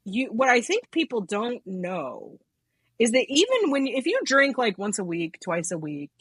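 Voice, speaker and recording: A woman co-hosting a podcast, chatting casually with halting restarts and frequent laughter. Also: fairly high pitch, sing-song, husky, dry recording. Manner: halting restarts, laughs often, self-deprecating. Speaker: podcast co-host. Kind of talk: casual conversation.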